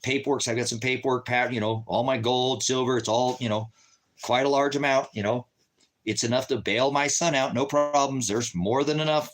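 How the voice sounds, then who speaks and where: A man with a medium-pitched, fairly bright voice and moderate pace vents through an angry personal story. In this casual, profane rant he sounds agitated, cursing and replaying his arguments with others in quoted voices.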